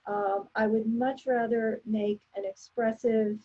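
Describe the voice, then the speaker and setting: A woman demonstrating an oil painting and explaining each step as she works, in a relaxed, instructive way. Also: a little high, takes it slowly, phone-quality sound. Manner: relaxed, instructive, thinking aloud while painting. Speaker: painting teacher.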